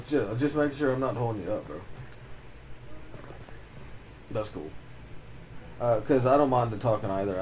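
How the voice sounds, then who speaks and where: A man's voice: on the low side, background noise. A man streaming a game and chatting casually, swearing freely and laughing as he rambles through stories. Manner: profane, laughing, loose storytelling. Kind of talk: casual chat while gaming.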